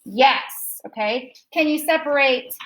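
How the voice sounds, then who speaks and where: A woman teaching a second grade phonics lesson, slowly repeating words to show which syllable is stressed. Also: high voice, fairly bright tone, slight background noise, low-quality recording.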